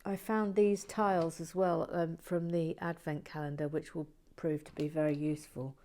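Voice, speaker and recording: A middle-aged woman hosting a soft-spoken ASMR build video, often slipping into a whisper, chatty and mildly self-deprecating, close to the mic at a tabletop. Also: sits low, flat delivery, normal speed. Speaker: channel host building brick sets.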